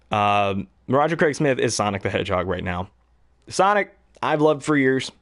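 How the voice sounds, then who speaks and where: Young guy rambling about voice acting, lots of ums and laughs, very animated pitch. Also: normal speed. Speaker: hobby voice actor. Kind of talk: casual chat.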